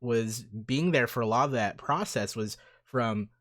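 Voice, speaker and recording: A podcast guest with a mid-pitched voice reminisces casually with an old college friend. He sounds eager and rambles, packing his talk with "like" and "dude". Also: unhurried, a bit bright. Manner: enthusiastic, rambling with many "like" and "dude".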